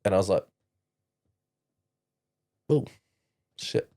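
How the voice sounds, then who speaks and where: A young man with a New Zealand accent, a podcast guest telling a personal story in a halting way, full of restarts and "like". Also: mellow. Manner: halting, frequent "like" and restarts, quoting others. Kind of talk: candid storytelling interview.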